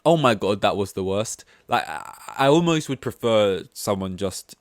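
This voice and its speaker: A man's voice: on the low side, expressive, moderate pace, no room sound, studio quality. A man hosting a casual solo podcast, talking in a rambling, candid and self-deprecating way. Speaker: podcast host.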